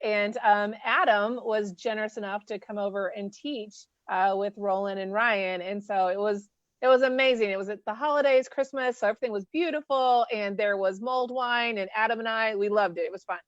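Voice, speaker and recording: A woman's voice: mid-range voice, a little fast, dry recording. A woman co-hosting a casual video call, chatty and enthusiastic, greeting each person as they join. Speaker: co-host. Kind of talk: casual chat. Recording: dull lo-fi call audio.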